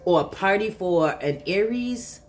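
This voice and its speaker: A woman's voice: medium pitch, expressive, unhurried. A woman giving a casual tarot reading, emphatic and blunt, repeating her points and swearing freely. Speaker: tarot reader.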